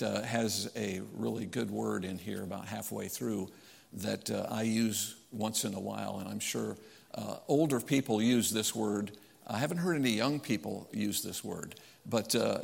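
An older male pastor delivers a sermon in a slow, halting way, pausing often between phrases. His voice is heavily gravelly and rough, with a husky edge. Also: medium pitch. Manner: halting, hesitant delivery with frequent pauses.

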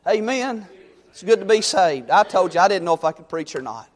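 A middle-aged man preaching a sermon, swinging from loud exhortation to quiet storytelling. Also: high voice, expressive, a little fast.

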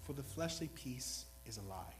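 A man's voice: medium pitch, sing-song, normal speed, slight background noise, poor audio. A man preaching a sermon in an earnest, rambling, self-deprecating way, new to speaking before this congregation. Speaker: lay preacher.

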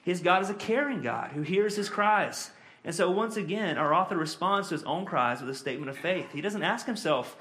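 A man preaching a sermon as pastor, earnest, reading scripture slowly and talking it through with frequent fillers. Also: a little high, expressive, bright, forceful tone.

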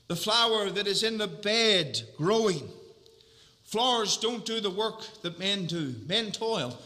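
A man preaching a sermon earnestly, repeating key phrases for emphasis and slowing down on them. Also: high-pitched, pushed and bright, big-room sound.

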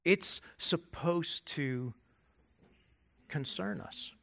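A man preaching a sermon as pastor. He repeats and restarts words as he searches for phrasing, and he builds from quiet emphasis to rising intensity. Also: a little high, extremely slow, creaky.

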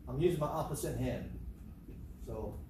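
A man's voice: mid-range voice, normal speed. Older male preacher, echoey room. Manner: animated storytelling, acts out quotes. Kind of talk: sermon. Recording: echoey room, faint background hum.

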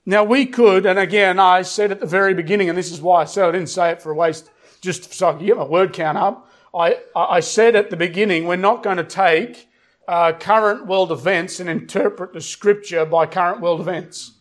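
A middle-aged man delivers a sermon in a fairly high voice. He hammers key words through repetition, and he drops into a slow, weighty cadence whenever he reads scripture. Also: fairly even intonation. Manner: emphatic, repeats phrases, slows down for scripture. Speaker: pastor.

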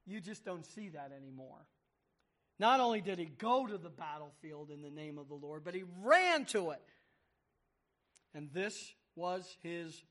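A man's voice: sits high, a bit bright. A man preaching a sermon, reading scripture aloud and acting out the voices with emphasis.

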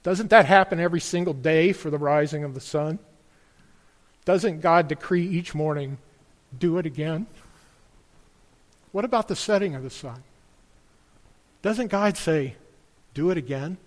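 Man preaching in church; earnest, questioning delivery, high-pitched, ringing reverb. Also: normal speed, pauses often. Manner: earnest, rhetorical questions to the congregation. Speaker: pastor. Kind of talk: sermon.

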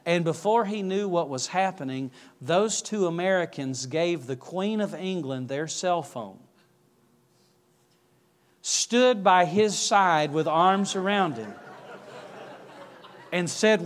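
A man's voice: high-pitched, animated, slow pace, pauses often. A male preacher telling an anecdote in a sermon, correcting himself mid-story.

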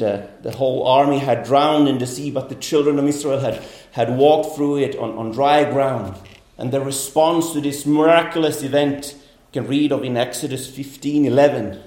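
Earnest preacher in an echoey room. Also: male voice, mid-range voice, darkish tone. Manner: earnest, repeats words and restarts phrases. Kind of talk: sermon.

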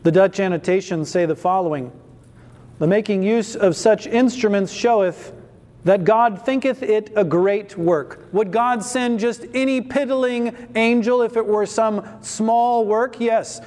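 A man with a high voice preaches slowly and deliberately, leaning hard on repeated words and posing questions that he answers himself. His voice rings out through a long hall reverb, as in a church sanctuary. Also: darkish tone. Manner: emphatic, rhetorical questions answered aloud. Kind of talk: expository scripture sermon.

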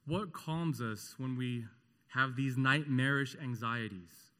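A man preaching a sermon with impassioned delivery, rising to loud rhetorical questions and dropping to a hushed, tender tone. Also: medium pitch, slow, big-room sound. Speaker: pastor.

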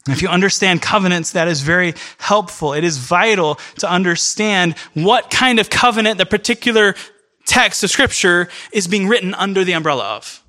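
A man preaching a sermon in an earnest, emphatic way, speeding up in bursts and then slowing down. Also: high voice, pushed and bright. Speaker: pastor. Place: church in New York City.

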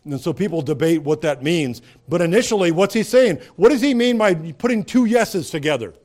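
A man's voice: on the high side, lively intonation, a little fast, darkish tone. A man preaching a sermon in a conversational way, asking rhetorical questions and rising to emphatic peaks. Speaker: pastor.

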